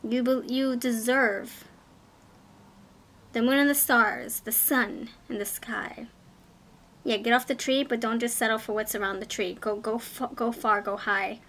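Excitable upbeat woman reading tarot. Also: a little high, fairly quick, hardly any pauses. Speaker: tarot reader. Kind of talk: casual pick-a-card tarot reading.

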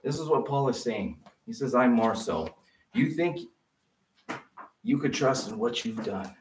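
Male pastor, casual sermon delivery, acts out quoted voices, mid-pitched, roomy echo, somewhat off-mic. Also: unhurried, darkish tone, recorded from a distance. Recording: echoey room, voice off-mic.

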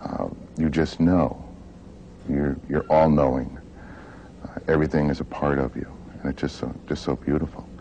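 A man recounting a near-death experience in a halting way, with frequent hesitations. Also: extremely low pitch, steady tone, warm tone, a little hiss or hum, rough recording. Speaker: interviewee.

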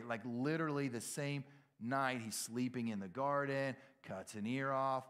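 A middle-aged man with a Southern American accent, preaching in a casual, storytelling way that acts out dialogue, jumping from loud and high to hushed and low. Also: a little slow, clean tone. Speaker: pastor. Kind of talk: sermon.

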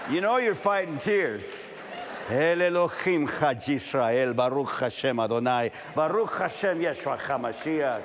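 A male pastor in his fifties from California, preaching a sermon with animated storytelling and acted-out dialogue. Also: mid-range voice, a little slow, crowd noise. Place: large camp meeting hall. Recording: long hall reverb, faint ambient noise.

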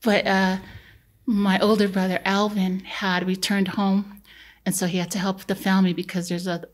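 An earnest, easygoing woman in her forties tells her own story as a podcast guest. Her voice sits at a middle pitch, and she talks with relaxed fillers as she recounts her path into nursing. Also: moderate pace. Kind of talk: conversational personal storytelling.

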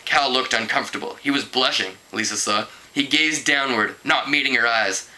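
A man's voice: lively intonation, normal speed, bright, forceful tone, low-quality recording. A man reading a teen novel aloud casually, stumbling over words, correcting himself and laughing at the story. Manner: voices characters with raised pitch. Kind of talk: casual read-aloud narration.

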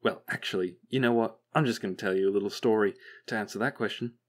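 Brief: man putting on a bumbling chatterbox robot guy, flippant and rambling, voice leaping up high, audiobook character voice. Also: fast, lightly acted. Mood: mock storytelling. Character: manic chattering male robot, bumbling and bitter.

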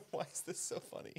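A man hosting a podcast from his apartment, joking with his guest in easygoing banter. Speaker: podcast host. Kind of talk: casual podcast chat.

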